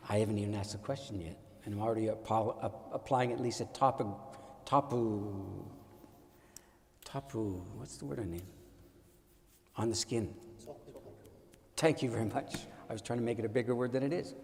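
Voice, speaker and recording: An older man who teaches at his own school tells a reflective story in a wry, deliberate, digressive way. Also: fairly low pitch, big-room sound, slight background noise.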